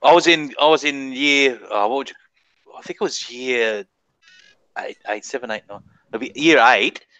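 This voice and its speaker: A man's voice: medium pitch, moderate pace, bright, forceful tone, clean tone, no room sound, rough recording. A man with an Australian accent telling a crude story in a casual voice chat, swearing constantly and laughing as he talks.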